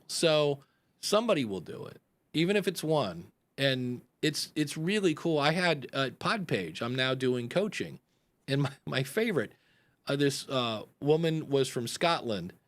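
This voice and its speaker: A man, a podcast coach hosting a live advice chat, rambling and acting out example announcements. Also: medium pitch.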